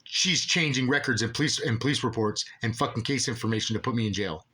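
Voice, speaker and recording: A man's voice: mid-range voice, fast talker, sharp tone, husky. Angry, profane man ranting. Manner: agitated, profane, rambling with many restarts. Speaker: aggrieved father ranting about officials. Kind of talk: angry monologue.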